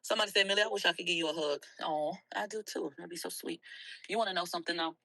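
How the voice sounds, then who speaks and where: A woman hosting a livestream, talking bluntly and with a lot of profanity, soft and tearful at times and then loud again. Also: fairly low pitch, very fast, vocal fry, rough recording. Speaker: livestream host. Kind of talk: emotional early-morning livestream rant.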